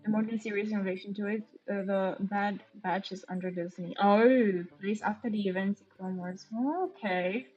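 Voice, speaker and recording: Playing on a live stream, a woman from Romania chats casually, thinking aloud and gasping in delight, in a steady, darkish mid-range voice at a moderate pace with few pauses. The stream audio is dull and lo-fi, with faint music.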